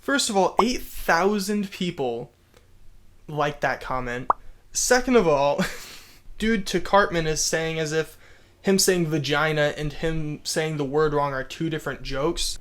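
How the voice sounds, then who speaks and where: A man's voice: fairly high pitch, fairly bright tone. A man giving casual comedic commentary on viewer comments, amused and sarcastic, chuckling often. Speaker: YouTube commentator.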